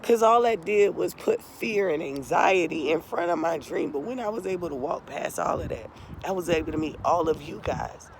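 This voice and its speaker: A woman's voice: on the low side, normal speed, slight background noise, rough recording. A middle-aged woman vlogging an emotional, tearful testimony, impassioned and profane, calling her viewers "y'all" again and again.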